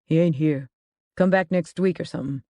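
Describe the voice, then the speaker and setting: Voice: medium pitch, normal speed, mellow, no room sound, lightly acted. A narrator putting on a swearing thug. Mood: defiant. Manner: defiant, swearing. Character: loud foul-mouthed thug man, bald.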